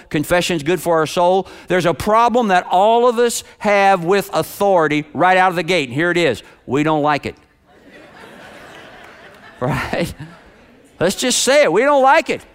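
A man preaching a sermon in a church, lively and rhetorical, stretching out key words for emphasis. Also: high voice, smooth. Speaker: pastor.

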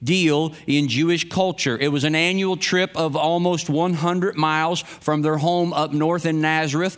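Male pastor, middle-aged, smooth clear voice, chatty storytelling sermon. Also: a little high, fairly even intonation, measured pace. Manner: storytelling, conversational preaching.

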